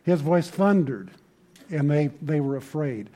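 A man's voice: on the high side, expressive, measured pace, mellow. A middle-aged man preaching a sermon, telling stories conversationally and building to emphatic points. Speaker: pastor.

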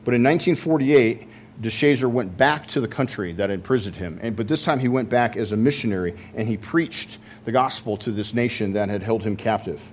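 A man's voice: medium pitch, brisk, slight background noise. A man preaching a sermon, telling a story in a conversational way with many fillers and restarts. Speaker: pastor.

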